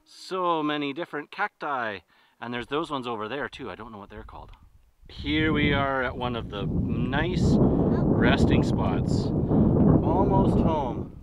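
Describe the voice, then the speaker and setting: A man's voice: medium pitch, expressive, measured pace, muffled recording. A man narrating a family hike outdoors, chatty and encouraging toward his kids. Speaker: parent vlogger hiking with kids. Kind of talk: casual family vlog narration. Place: outdoors on a desert trail. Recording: clear wind and outdoor noise. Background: wind and outdoor noise.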